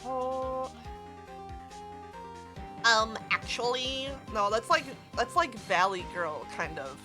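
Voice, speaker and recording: A woman's voice: a little high, lively intonation, slow pace. A woman streaming a game playthrough, chatting hesitantly about voicing characters. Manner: hesitant, self-doubting, chatty. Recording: game music behind.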